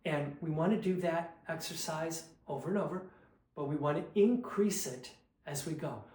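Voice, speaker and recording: A man teaching a choral diction lesson, demonstrating consonant and sung syllable drills in a patient, unhurried way. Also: on the high side, a little mellow, echoey room, poor audio. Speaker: vocal coach.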